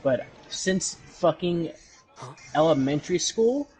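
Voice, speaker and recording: A man's voice: a little high, animated, takes it slowly, a little mellow, soft background music. A young man chatting with friends over voice chat, rambling with lots of fillers and laughing along. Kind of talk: casual chat.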